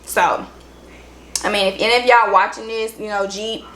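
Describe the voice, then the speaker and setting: A woman's voice: mid-range voice, steady tone, moderate pace, fairly bright tone, slight background noise. A young woman, chatting upbeat and directly to her viewers in a casual vlog. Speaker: vlogger. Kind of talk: casual chat to camera. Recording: roomy room echo.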